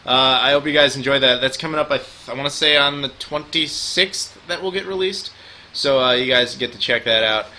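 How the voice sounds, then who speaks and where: A man's voice: medium pitch, fairly quick, sharp tone, slight background noise. An American man hosting a casual live stream chat, joking around loosely and swearing freely. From United States. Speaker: host.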